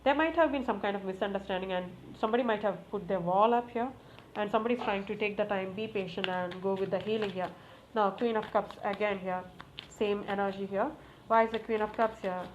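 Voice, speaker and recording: A woman tarot reader gives a casual reading, talking a little fast straight to her cards and repeating her requests to them. Her ordinary-pitched voice occasionally bursts into excited exclamations. The recording is slightly muffled, with faint background hiss.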